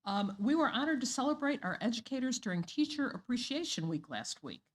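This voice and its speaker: A woman's voice: fairly high pitch, very animated, brisk. Woman board member reading announcements. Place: board meeting room.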